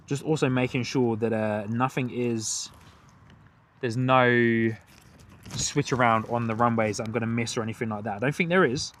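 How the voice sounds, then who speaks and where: A man's voice: medium pitch, steady tone, moderate pace, fairly bright tone, slight background noise. Chatty male plane-spotting streamer. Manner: chatty, reads out viewer comments and greets chat. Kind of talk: live plane-spotting commentary. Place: outdoors near an airport runway.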